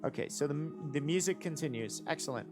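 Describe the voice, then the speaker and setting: Hyped-up rap verse judge rambling thru a live critique, lots of uhs, soft guitar in the back. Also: mid-range voice, animated, fairly quick. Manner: enthusiastic, rambling, with many fillers and restarts. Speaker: rap battle judge reviewing written verses.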